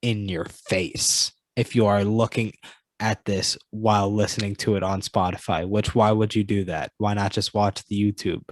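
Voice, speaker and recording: Male co-host, lowish voice, teasing banter, dry close mic. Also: fairly even intonation, normal speed, dry recording. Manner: teasing, mock-hype banter. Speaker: podcast co-host. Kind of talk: casual chat.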